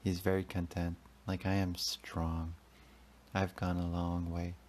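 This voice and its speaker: A man's voice: sits low, level tone, unhurried, darkish tone, slight background noise. A man in his thirties, hosting a podcast as a rambling, profane, confessional solo monologue. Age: 30s. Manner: rambling, profane, emotional, talks to himself. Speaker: podcast host.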